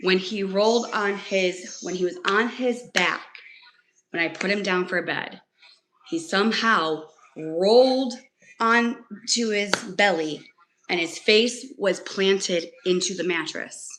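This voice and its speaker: A woman's voice: medium pitch, slow pace, fairly bright tone, slight background noise, low-quality recording. A young woman talking casually on a livestream, telling a story in an emotional, rambling way with lots of fillers. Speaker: livestream host.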